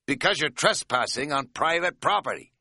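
Officious, suspicious guard, raised pitch, played by a male narrator. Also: expressive, normal speed, sharp tone, no echo, studio quality, exaggerated voice. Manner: stubborn, bureaucratic.

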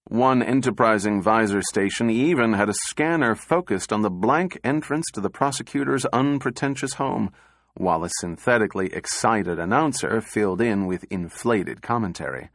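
A man narrates an audiobook in a measured, even storytelling manner. His voice sits fairly low. The recording is close and dry, with no room sound. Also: dry recording.

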